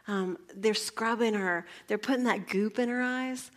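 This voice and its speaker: A middle-aged woman, giving a sermon that mixes a personal story with prayer, often dropping into a soft, intimate whisper. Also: medium pitch, normal speed, hardly any pauses. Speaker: preacher.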